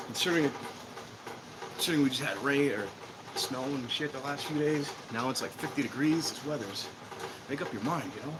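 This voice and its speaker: Rambling, out-of-breath male streamer outdoors, background noise clearly audible. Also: mid-range voice, brisk. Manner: rambling, self-deprecating, thinking aloud. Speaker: train-watching streamer. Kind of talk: casual live-stream chat. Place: outdoors at a train station in rain. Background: outdoor ambience, clear background noise.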